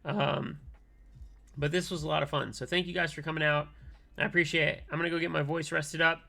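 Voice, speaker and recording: A man with a hoarse voice he says is going out, chatting casually with his viewers at the end of a keyboard-building livestream, with plenty of ums and easy laughs. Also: a little high, brisk, soft background music. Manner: relaxed and thankful, many ums and laughs. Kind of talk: casual livestream wrap-up chat.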